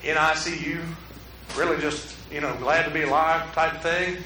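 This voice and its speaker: A middle-aged man, preaching a sermon to a room, swinging from hushed to loud. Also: fairly high pitch, fairly even intonation, normal speed, echoey room, far from the mic, slight background noise, poor audio. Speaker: pastor. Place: room with an audience.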